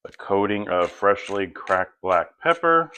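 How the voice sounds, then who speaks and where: A middle-aged man hosting a home cooking demonstration, walking through each step in a relaxed, chatty way. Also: on the low side, a little slow, clean tone. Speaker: home cook host.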